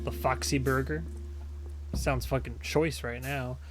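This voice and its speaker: A man's voice: mid-range voice, fairly even intonation, unhurried, music in the background. A young man casually commentating a video game stream, laid-back and joking, with easy swearing.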